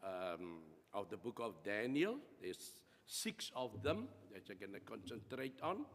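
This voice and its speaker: A man with a South African accent preaching a church sermon and leading prayer, halting with many fillers. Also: lowish voice, very animated. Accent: South African English. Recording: long reverb of a church hall.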